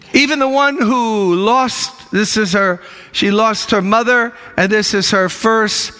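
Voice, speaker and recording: A man's voice: sits high, pushed and bright, long reverb tail. A male minister preaching a sermon in church, emphatic and urging the congregation with repeated calls and refrains.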